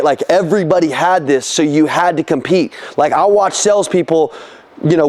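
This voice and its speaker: A young man with a high, bright-sitting voice runs a motivational sales training session. He talks casually and with energy, swearing freely and firing questions at the people in the room.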